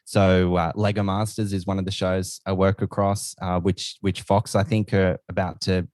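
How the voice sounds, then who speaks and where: A man's voice: low voice, flat delivery, normal speed, a little mellow, no echo. A man with an Australian accent, a podcast guest chatting casually and with enthusiasm. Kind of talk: casual chat.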